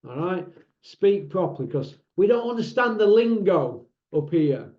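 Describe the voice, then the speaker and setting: A channel host with a northern English accent rants to camera, blunt, mocking and combative. His voice sits high with big pitch swings, and he speaks unhurriedly. The sound is roomy, dull and lo-fi.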